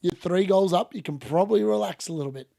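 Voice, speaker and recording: A man's voice: sits high, fast, creaky, warm tone, dry recording, studio quality. A young man streaming a live football watchalong, chatting casually, laughing and reading out chat. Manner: casual, chatty, laughs often, uses "mate".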